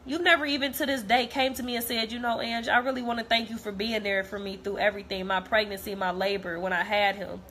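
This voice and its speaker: A woman's voice: mid-range voice, fairly even intonation, fast talker, hardly any pauses, fairly bright tone, slight background noise. A young woman talking straight to camera, blunt and heated, repeating herself as she vents. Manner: blunt, repetitive, heated, profane. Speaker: vlogger. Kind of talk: direct-to-camera rant.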